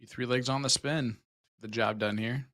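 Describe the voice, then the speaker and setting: A man's voice: medium pitch, fairly even intonation, measured pace, a bit bright, no echo. A man commentating a darts tournament, joking and chatty with asides between throws. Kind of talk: live sports commentary.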